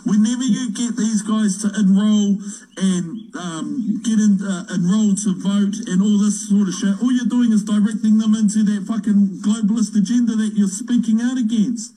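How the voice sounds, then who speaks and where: A man rants in a played clip, swearing and rambling. His voice is high for a man and husky, with a dark, mellow tone. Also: normal speed, hardly any pauses, poor audio. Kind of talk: angry rant to camera.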